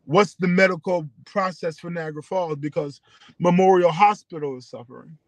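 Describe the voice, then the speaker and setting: A man's voice: sits high, normal speed, dry recording, low-quality recording. A man hosting a community radio station, speaking earnestly with preacher-like repetition as he rallies his listeners. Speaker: internet radio station host. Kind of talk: passionate community address.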